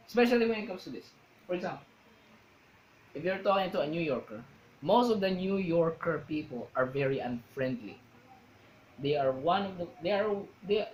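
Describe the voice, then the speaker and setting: A man vlogging in a casual, rambling way, often stopping to search for a word. His voice sits a bit higher than most men's. Faint background noise runs under it. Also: rough recording. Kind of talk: casual explaining to camera.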